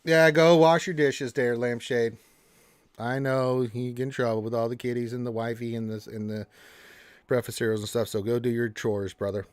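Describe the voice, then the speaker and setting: A man's voice: medium pitch, little pitch movement, moderate pace, a little mellow, dry recording. A man hosting a casual gaming live stream, joking and rambling with lots of restarts into a close mic.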